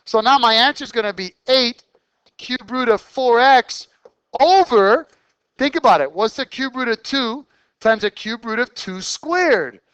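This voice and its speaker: Math teacher in class, smooth clear delivery, talks students through each step with quick questions. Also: medium pitch, fairly bright tone, dry recording, highs cut off. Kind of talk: classroom lesson explanation.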